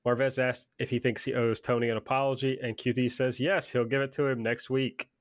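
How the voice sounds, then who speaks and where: A man's voice: mid-range voice, little pitch movement, brisk, no echo, clean studio sound. A man co-hosting a casual wrestling podcast, talking heatedly and swearing freely. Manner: profane, heated, fired up. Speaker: podcast co-host. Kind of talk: casual wrestling recap chat.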